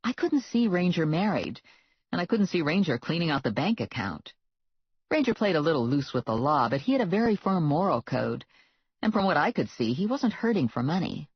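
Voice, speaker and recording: An audiobook narrator reading a first-person comic novel in a wry, deadpan manner. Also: mid-range voice, a little fast, slightly rough, dry recording. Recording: dull lo-fi, dry.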